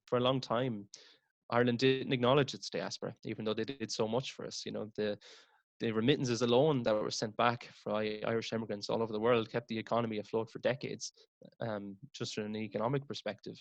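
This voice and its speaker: A man explains things calmly in a low, steady, gravelly voice with little movement in pitch. The recording is dry and lo-fi. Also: fairly quick, dry recording. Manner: calm, explanatory.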